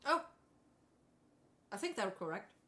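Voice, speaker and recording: A woman's voice: mid-range voice, sing-song, slow, bright, forceful tone. A woman streamer chatting casually while she sews, talking to herself and answering her chat in a playful way.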